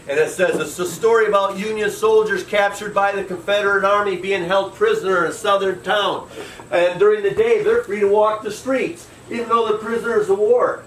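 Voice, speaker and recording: A man's voice: high voice, a little hiss or hum. Folksy man telling a story from afar. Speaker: tour guide storyteller. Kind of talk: storytelling to a crowd. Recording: roomy distant recording with faint ambience.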